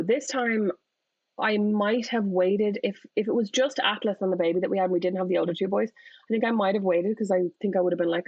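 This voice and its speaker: A woman's voice: mid-range voice, fairly quick, darkish tone, dry recording. A woman author speaking as a podcast guest, candid and reflective, often restarting her sentences. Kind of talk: casual conversational interview. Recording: dull, lo-fi audio.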